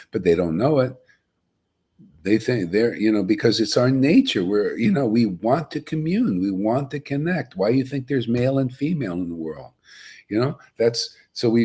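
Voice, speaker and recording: A man's voice: medium pitch, a little mellow, husky. A man giving an informal, emphatic spiritual talk to a group, folksy and chuckling, often asking "see?". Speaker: spiritual teacher.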